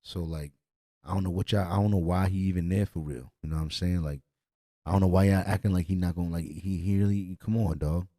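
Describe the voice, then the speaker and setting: A man's voice: low-pitched, steady tone, quick pace, dark tone, no echo, studio quality. A young man hosting a podcast in a casual, blunt and profane rant. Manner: blunt, profane, repetitive, heated. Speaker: podcast host.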